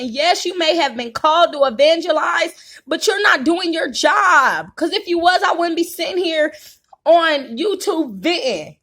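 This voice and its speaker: A woman's voice: very high voice, a bit bright. A woman vlogger, venting in an impassioned, preacher-like way and crying at times. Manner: impassioned, tearful, preacher-like cadence. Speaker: YouTube vlogger. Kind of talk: emotional venting monologue.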